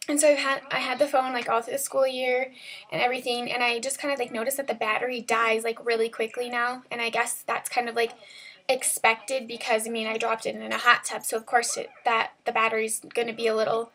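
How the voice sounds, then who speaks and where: A teenage girl talks straight into a camera at home, telling a story about her own life. She rambles and fills every pause with "like" and "um", in a voice that sits a little high. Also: little pitch movement, fairly bright tone, a little hiss or hum. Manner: chatty, rambling, full of "like" and "um". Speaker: vlogger. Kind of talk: casual storytelling vlog.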